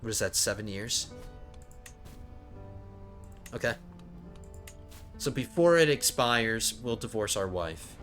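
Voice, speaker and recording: A man's voice: lowish voice, lively intonation, takes it slowly, long pauses, a bit bright, faint music behind. A man hosting a strategy game let's play, thinking aloud and often stumbling over his words. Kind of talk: casual gameplay commentary.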